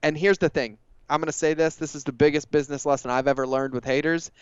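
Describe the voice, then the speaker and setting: Smooth-voiced, emphatic man on a podcast. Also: on the high side, fast, dry recording, muffled recording. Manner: energetic, emphatic, repeats phrases for effect. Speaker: guest entrepreneur. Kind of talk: casual podcast conversation.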